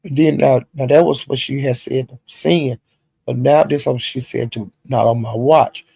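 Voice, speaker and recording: Gravelly man gossiping about online drama. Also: mid-range voice, moderate pace, dry recording. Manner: gossipy, animated retelling with slang and profanity. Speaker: commentary channel host. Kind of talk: casual recap of online drama.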